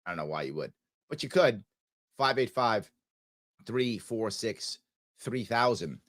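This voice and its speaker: A man's voice: fairly low pitch, expressive, a little slow, a bit bright. A man hosting a live talk radio show, his voice nasal and stuffy from allergies, talking emphatically with rhetorical questions and sarcastic asides. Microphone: studio microphone.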